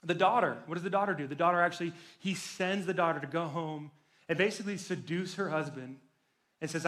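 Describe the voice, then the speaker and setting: Young man, youth pastor, casual sermon, animated storytelling, high voice. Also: a little fast. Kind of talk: sermon to teens.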